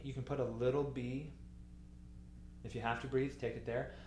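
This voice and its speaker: A man teaching the alto part of a choir piece, explaining the markings patiently and speaking the lyrics slowly. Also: medium pitch, fairly even intonation, reverberant, slight background noise. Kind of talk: music lesson walkthrough.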